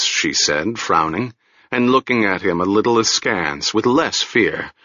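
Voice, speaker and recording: A man narrating a story as an audiobook reader, in a slow, expressive storytelling style. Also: on the low side, dry recording, dull audio.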